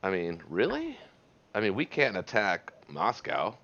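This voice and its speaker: A man with a very deep, low voice talks through an online board game in a relaxed, reflective way, offering advice between chuckles. The sound is muffled and lo-fi, like a voice chat mic. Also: a little slow.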